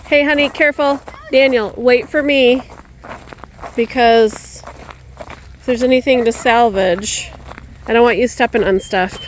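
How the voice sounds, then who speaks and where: Out in her yard and garden, a woman homesteader films a casual vlog on a handheld camera, talking chattily and pausing often at a measured pace. Her intonation stays fairly even, though she coos to her birds in a high, coaxing voice and lets out dismayed exclamations. A little background noise can be heard.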